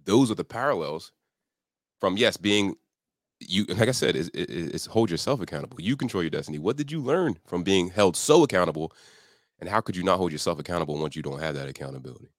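Emphatic low-voiced man coaching. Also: expressive, quick pace, dry recording, clean studio sound. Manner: emphatic, acts out his inner voice in pitch jumps. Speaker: accountability coach, guest. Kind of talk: motivational podcast talk. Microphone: studio podcast microphone.

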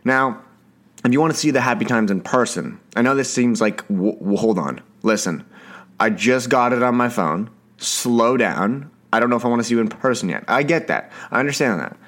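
A young man from Canada hosting a solo podcast in a casual chatty way, talking fast, stumbling over words and swearing now and then. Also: medium pitch, a bit bright. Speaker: podcast host.

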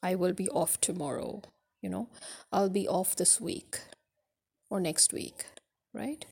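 Gravelly-voiced woman teaching spoken English. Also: on the low side, measured pace, darkish tone. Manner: loose, explaining with many fillers.

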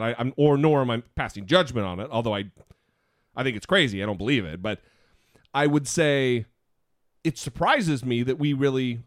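A man co-hosting a casual podcast, talking in quick asides and poking fun at himself. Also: medium pitch, no room sound, studio quality. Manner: animated, self-mocking, quick asides. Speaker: podcast co-host.

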